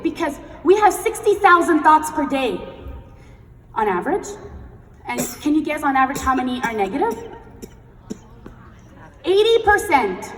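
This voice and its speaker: A young woman giving a blunt, energetic motivational talk on stage and leading the crowd in chanted affirmations, heard in a large event hall. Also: high-pitched, moderate pace, pauses often. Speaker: sales team leader and motivational speaker. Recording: echoey hall recorded from far off.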